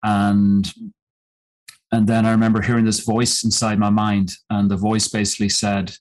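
Reflective, halting man telling a story. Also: fairly low pitch, level tone, low-quality recording. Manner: reflective, halting, with frequent fillers and restarts. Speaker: podcast guest, mountaineer and coach. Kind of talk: storytelling in an interview.

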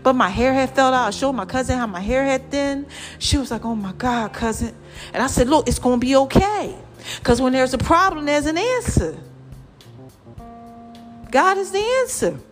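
Woman vlogger, preachy and expressive, somewhat high voice, soft music behind. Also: moderate pace. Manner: expressive, preachy, uses lots of slang. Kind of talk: casual faith-based vlog talk.

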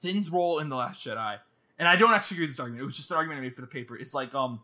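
A man in casual movie chat with a friend, animated and often laughing. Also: medium pitch, very fast. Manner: animated, laughing, mock-screaming.

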